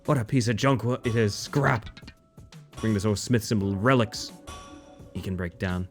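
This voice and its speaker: A man's voice: fairly low pitch, measured pace, soft background music, voice pushed down. A man doing a salty old sea smith. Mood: gruff. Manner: old sailor-style dialect.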